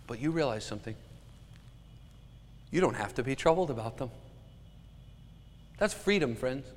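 A man's voice: medium pitch, big-room sound. A man preaching a sermon as a pastor, earnest and emphatic.

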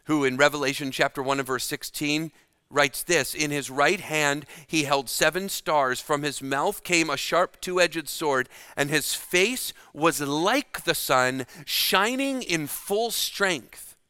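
A man preaching a sermon, slow and dramatic, dropping to a hush to stress key words. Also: on the high side, smooth, no room sound, studio quality.

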